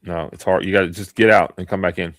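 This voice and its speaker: A man's voice: low voice, steady tone, fast, a bit bright, no room sound, clean studio sound. A man hosting a live online talk stream, reading aloud with mock-serious sarcasm. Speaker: host.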